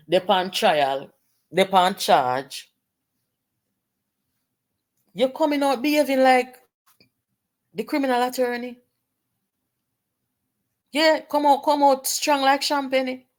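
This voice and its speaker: A Jamaican woman speaks as a political commentator in a slightly low voice. She is indignant and emphatic and keeps firing rhetorical questions at her listeners.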